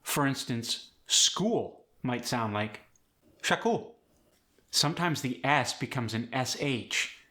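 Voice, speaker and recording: A man hosting an accent lesson, walking through each sound clearly and cheering the viewer on. His voice sits at a middle pitch and rings bright and forceful. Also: animated, slow, hardly any pauses. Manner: clear, demonstrative, encouraging. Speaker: accent coach. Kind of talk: accent tutorial.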